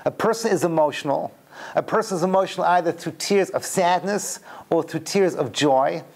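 Animated British rabbi telling stories. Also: male voice, on the high side, normal speed. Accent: British English. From Britain. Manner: animated storyteller, mixes jokes with teaching. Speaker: rabbi and lecturer. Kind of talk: humorous lecture to a live audience.

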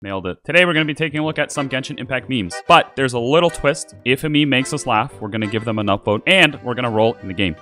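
A man's voice: medium pitch, quick pace, hardly any pauses, faint music behind. A man doing casual commentary as a YouTuber, swearing and laughing often. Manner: animated, swears, laughs a lot. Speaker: YouTuber reviewing memes. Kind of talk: casual commentary while gaming.

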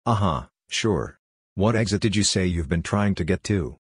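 A stern, intimidating monster posing as a highway cop, voiced by a man, in a very deep, low-pitched voice, mocking and menacing. The recording is dry and close. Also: animated, moderate pace, darkish tone, slightly rough, dry recording.

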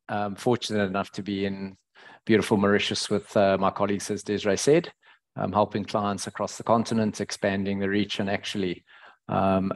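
Low-voiced South African webinar host. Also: male voice. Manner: halting, many fillers and restarts. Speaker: webinar host and financial planner. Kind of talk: online webinar presentation. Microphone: headset.

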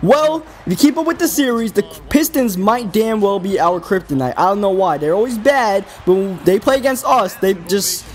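A man's voice: sits high, expressive, normal speed, hardly any pauses. A man hosting a gaming video, giving casual, rambling play-by-play commentary with an exasperated, self-critical tone.

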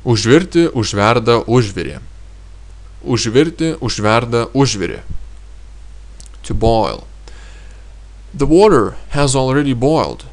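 A man teaching a vocabulary lesson, explaining with many pauses and saying each word twice. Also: mid-range voice, expressive. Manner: explains slowly, repeats words twice, many hesitations. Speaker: language teacher.

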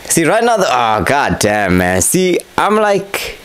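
A man's voice: a little high, huge pitch swings, takes it slowly, fairly bright tone, a little hiss or hum, poor audio. A young man casually narrating over footage of his own boxing fight, candid and self-critical, swearing freely. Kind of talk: casual fight breakdown commentary.

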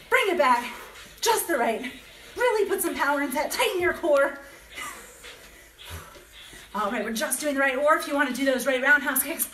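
A woman's voice: high-pitched, sharp tone, roomy sound. A woman instructor coaching a home kickboxing workout, calling out combos in an upbeat, encouraging way, getting out of breath. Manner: calls out combos, upbeat and encouraging, laughs often. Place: home workout space, dogs barking nearby.

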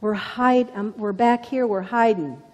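A woman's voice: mid-range voice, measured pace, a little mellow, in a large hall, lightly acted. A woman preacher voicing Adam as a sheepish man who hides and shifts the blame. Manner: sheepish and defensive.

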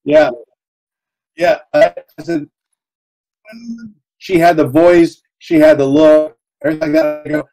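A man's voice: mid-range voice, expressive, normal speed, mellow, low-quality recording. A man hosting a podcast who tells a rambling anecdote, full of fillers, in casual chat. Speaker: podcast host.

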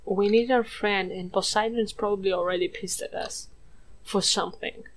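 A woman's voice: medium pitch, steady tone, moderate pace. Woman from Greece, gameplay commentator, playful and sweary, swings between whispers and squeals. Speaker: gameplay streamer. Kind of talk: let's play commentary.

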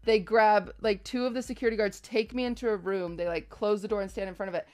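A woman's voice: mid-range voice, fast. A young woman host telling a personal story in a casual chat, acting out the voices of the people in it. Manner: animated, acts out voices in quotes. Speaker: streamer host.

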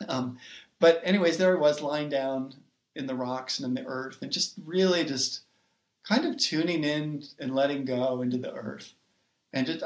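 A man who is a poet and writing coach, guest on a podcast, telling a personal story in an earnest, reflective way with many pauses and fillers. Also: mid-range voice. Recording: roomy echo.

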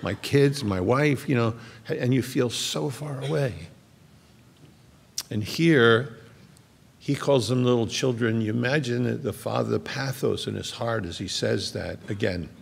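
A man's voice: medium pitch, gravelly, big-room sound. A middle-aged male pastor preaching a sermon in a large church, reading scripture aloud with earnest explanation.

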